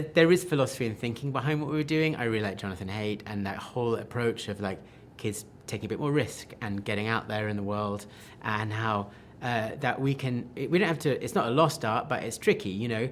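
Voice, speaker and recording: Man, film director, enthusiastic interview answers, animated, faint background noise. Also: mid-range voice. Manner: animated, enthusiastic, quick restarts and quoted asides.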